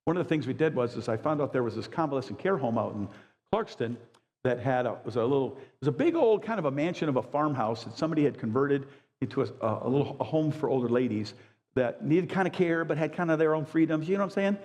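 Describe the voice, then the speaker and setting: A man in his sixties preaching a sermon as a pastor, high-energy and emphatic with folksy asides. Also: animated, fast, a little mellow. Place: church sanctuary. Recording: long church reverb.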